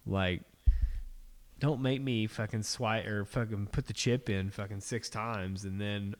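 A man's voice: on the low side, steady tone, measured pace. A man co-hosting a podcast, venting in a profane, exasperated casual chat. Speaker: podcast co-host.

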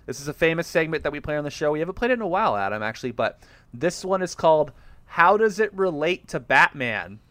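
A man hosting a casual movie podcast, animated and quick to laugh. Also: fairly high pitch, no room sound. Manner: animated, laughs often, jokey. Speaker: podcast host.

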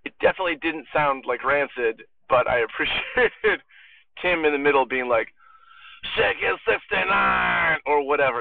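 A man's voice: mid-range voice, vocal fry, a little hiss or hum. Rambling man on a tinny voicemail. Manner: rambling, searches for words, self-mocking. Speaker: voicemail caller. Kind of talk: rambling phone message. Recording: tinny phone line from far off.

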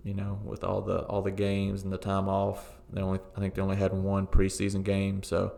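A man whose voice is deep and gravelly talks in a laid-back way about football scores, co-hosting a football podcast. He holds strong opinions yet stays relaxed, and he often stops on "uh" and "um" while he thinks.

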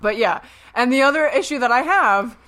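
A woman's voice: fairly high pitch, expressive, normal speed, pushed and bright. A woman co-hosting a podcast, chiming in with wry comments in casual movie chat. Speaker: podcast co-host.

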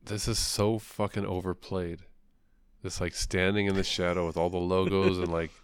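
Deep-voiced, blunt man griping about comics. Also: little pitch movement, normal speed, clean tone. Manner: blunt, swears a lot, rambling. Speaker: comic book podcast co-host. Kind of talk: casual chat.

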